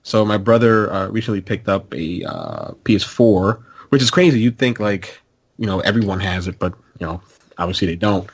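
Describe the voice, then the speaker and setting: A man's voice: on the low side, sing-song, moderate pace, breathy edge. A man co-hosting a gaming podcast, telling easygoing anecdotes and chuckling as he goes. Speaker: podcast co-host. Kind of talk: casual chat.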